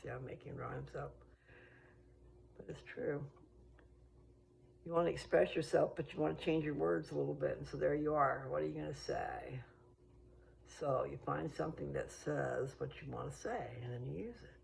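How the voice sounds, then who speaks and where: A woman's voice: deep voice, normal speed, gravelly, slight background noise, rough recording. An American woman chatting casually in a meandering, think-aloud way while out walking. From United States. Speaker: vlogger. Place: outdoors on a walk.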